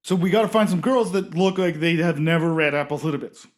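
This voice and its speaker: A man's voice: on the high side, fast talker, lightly acted. A man voicing a dim-witted male jock adventurer who hosts a talk show in character, rambling, goofy and hesitant during tabletop role-play.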